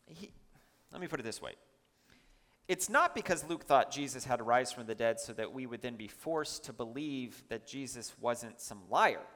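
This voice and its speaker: Man preaching with a gravelly lively voice. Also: medium pitch, big-room sound. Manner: emphatic, with chatty asides to the congregation. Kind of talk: sermon.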